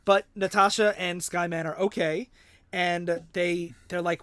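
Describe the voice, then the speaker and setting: Man, podcast co-host, casual comic recap, slightly high voice, dry close sound. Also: steady tone, a little slow, fairly bright tone, no room sound. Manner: retells scenes and acts out quotes. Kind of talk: casual comic book discussion.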